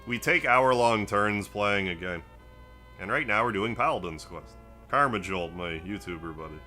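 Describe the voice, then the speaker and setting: Speaking at a normal speed, a male gaming streamer with a fairly low voice that carries a bright, forceful edge chats casually during gameplay. He rambles in a relaxed way, greets viewers in chat by name, and thinks out loud between moves, while quiet game music plays faintly behind him.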